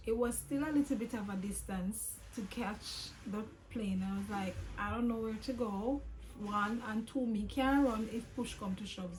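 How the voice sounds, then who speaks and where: A woman's voice: mid-range voice, a little hiss or hum, rough recording. A Jamaican woman vlogger casually telling a travel story, slipping patois into her talk.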